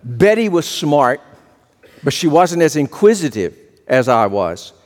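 A man's voice: fairly high pitch, sing-song, a little slow. Folksy male pastor in an echoing church. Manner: folksy storytelling, repeats words as he goes. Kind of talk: sermon.

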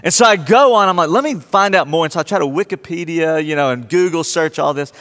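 A man with a fairly high voice tells a personal story to a live audience. He acts out his own amazed reactions as he goes, in a lively, anecdotal way. His voice carries a long reverb from a large hall. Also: quick pace. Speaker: speaker addressing a live audience.

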